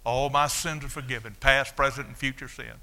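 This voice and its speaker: A man, preaching a sermon as a story of his own life, dropping low and then shouting out the punch lines. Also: steady tone, a little fast. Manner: storytelling, swings from hushed to shouting. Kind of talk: sermon testimony.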